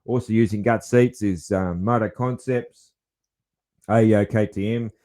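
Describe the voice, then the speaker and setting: A man's voice: lowish voice, steady tone, moderate pace, warm tone. A man hosting a podcast, talking in a rambling, chuckling way with many restarts. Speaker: podcast host. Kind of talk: casual chat.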